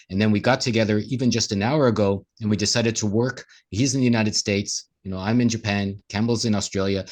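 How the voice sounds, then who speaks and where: Guy w a lowish voice, earnest motivational talk, co-hosting a chat. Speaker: co-host. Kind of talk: casual conversation.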